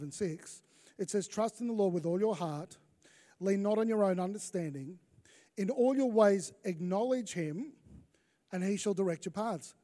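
A man's voice: high voice, mellow. A man, a pastor preaching a conversational sermon with self-deprecating humour. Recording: long reverb of a large hall.

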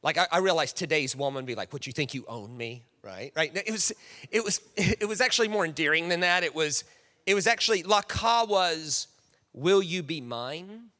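A man preaching a sermon, animated and playful, acting out quoted voices and often restarting his sentences. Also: high-pitched, normal speed. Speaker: pastor. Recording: reverberant hall.

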